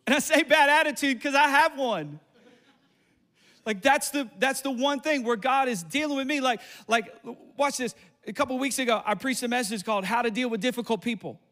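A pastor preaching with a strikingly high voice for a man. He is middle-aged and tells his stories with quick asides and animated energy. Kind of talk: sermon.

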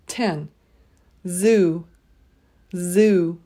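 Slow, mellow-voiced woman teaching pronunciation. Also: on the low side. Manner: says each word twice with pauses. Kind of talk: slow word-by-word pronunciation drill.

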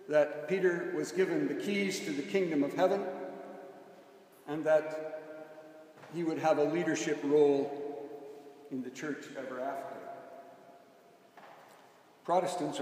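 A man preaching a sermon as pastor, in a measured way, stressing key words. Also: a little high, a little mellow. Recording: echoey church hall from far off, faint noise.

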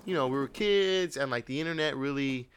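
A man's voice: mid-range voice, brisk, a bit bright, smooth. A young man and podcast host telling a long, rambling, profane story in casual chat.

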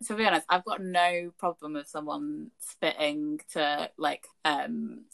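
A woman co-hosting a casual chat, teasing and reacting quickly, swearing freely. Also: deep voice, steady tone, gravelly, a bit bright.

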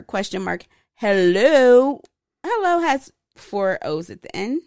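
A woman co-hosting a casual podcast, a little tipsy, telling a story in an animated way. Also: fairly high pitch, slow pace, clear, resonant tone, dry recording, studio quality. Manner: animated storytelling, reads out posts with emphasis. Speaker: podcast co-host. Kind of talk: casual chat.

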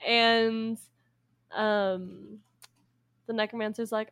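This young woman has a mid-range, fairly bright voice with fairly even intonation. Chatting casually, she retells a folk tale to a friend, often laughing and giving the characters brief, quick voices.

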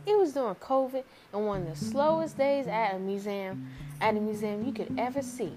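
A young woman venting in a casual rant to camera, exasperated, with mocking low-voiced impressions and sudden high-pitched disbelief. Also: normal speed, over music. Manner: exasperated, mocks her mother in a lower voice, rising disbelief.

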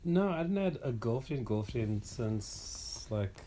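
A man's voice: medium pitch, big pitch swings, slow, dark tone, slight background noise. A young man from South Africa, chatting casually with his partner, teasing and prompting her with questions. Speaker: co-host. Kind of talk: casual couple chat, asking questions.

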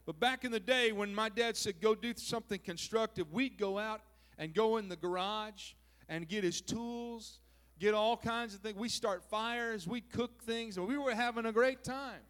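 A man's voice: high voice, measured pace, a bit bright, smooth. A pastor from southern Minnesota preaching a folksy, joking sermon that he peppers with "praise God" and "amen.".

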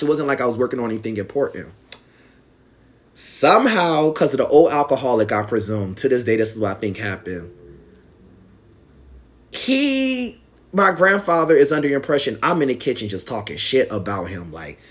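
A young man with a fairly high voice tells viewers a personal story at a moderate pace. He's casual but animated, acting out the quoted lines in a raised voice.

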